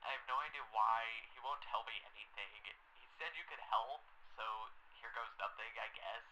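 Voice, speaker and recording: A man's voice: medium pitch, a little fast, sharp tone, dull audio, slight background noise. A man voicing an anxious caller on a hotline in a game, pleading and then frantic.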